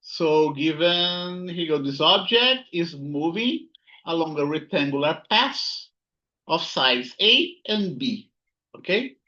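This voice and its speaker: Slow, bright-voiced male physics lecturer. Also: fairly high pitch, lively intonation, muffled recording. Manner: repeats key words, frequent "right?" and "here you go". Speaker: physics instructor. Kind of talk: recorded lecture while writing notes.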